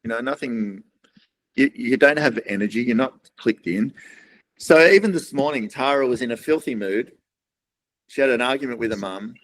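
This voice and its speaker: A middle-aged Australian man talks as a podcast guest, winding through his stories in a loose, rambling way. He slips into quoted voices to act out what other people said, in a voice of ordinary middle pitch. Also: expressive, moderate pace, a bit bright, poor audio. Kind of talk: casual storytelling interview.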